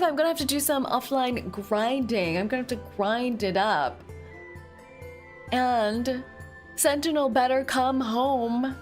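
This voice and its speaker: A young woman with a high, bright-pitched voice chats her way through a game in a slow, unhurried drawl. She gets excitable easily and stretches her complaints into long, whiny cries, with faint game music playing underneath. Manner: excitable, drawn-out whining cries. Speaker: streamer. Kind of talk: casual gameplay commentary.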